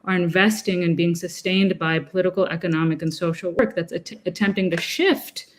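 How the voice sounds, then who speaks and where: A woman panelist speaking in measured, articulate academic phrasing during an online discussion. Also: lowish voice, steady tone. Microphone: video call.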